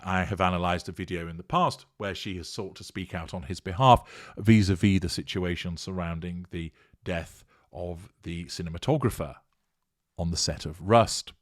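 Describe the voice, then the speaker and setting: A man giving a measured, emphatic commentary monologue, reading and analysing an article in formal wording. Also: deep voice, no echo, clean studio sound. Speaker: commentator on narcissism.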